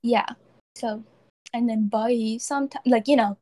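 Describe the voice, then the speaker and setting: A woman's voice: fairly high pitch, steady tone, unhurried, dark tone. A teenage girl co-hosting a podcast, rambling in casual chat with lots of "like" fillers. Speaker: podcast co-host.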